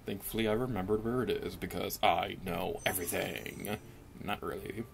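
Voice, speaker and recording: A young man giving casual let's play commentary into a desk microphone, chatty and self-mocking, with sudden pitch jumps when he gets excited. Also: normal speed, creaky, a little hiss or hum.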